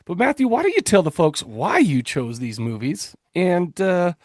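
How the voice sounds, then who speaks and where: A male podcast co-host in loose, joking chat. His voice sits a little high and sounds close and dry, with no room around it. He rambles and restarts his sentences often. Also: very animated, normal speed, a little mellow, dry recording. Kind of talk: casual chat.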